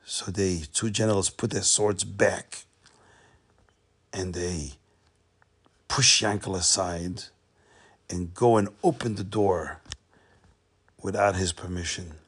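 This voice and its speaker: A man telling a Hasidic tale, animated and repeating phrases for suspense. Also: low-pitched, slow pace, long pauses, husky. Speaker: storyteller.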